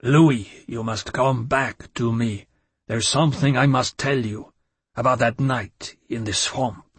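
A man voicing a weakened, desperate male vampire who pleads and rages in a thin, rasping voice. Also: medium pitch, measured pace, no echo. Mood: pleading.

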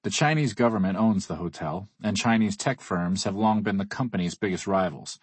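A man's voice: on the low side, moderate pace, husky, no room sound. A man reading a first-person audiobook in a wry, dry way. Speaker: audiobook narrator. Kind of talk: scripted first-person narration.

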